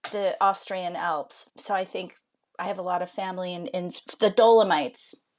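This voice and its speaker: A woman's voice: fairly low pitch, steady tone, normal speed. A woman, a guest on an interview podcast, telling her story in a chatty, reflective way. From United States.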